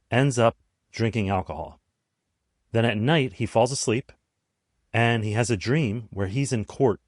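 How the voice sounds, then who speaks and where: A man in his forties talks through a personal story as a podcast host, conversational and animated, often stopping to reflect on himself. His voice sits on the low side, and the recording is close and dry, with almost no room sound. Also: dry recording. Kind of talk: storytelling monologue.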